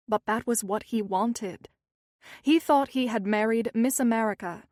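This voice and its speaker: A woman narrating a thriller audiobook in an even, measured reading style. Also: on the high side, no echo, studio quality.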